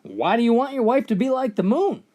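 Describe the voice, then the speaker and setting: A woman's voice: on the high side, expressive, brisk, mellow, voice pushed up. A woman voicing an earnest, patient schoolteacher coaxing a pupil.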